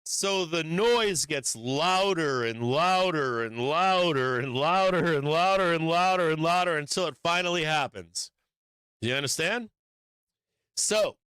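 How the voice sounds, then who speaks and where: A man's voice: fairly high pitch, pushed and bright, clear, resonant tone, no room sound. A man hosting a live stock market stream, talking through charts in a casual, blunt and profane way.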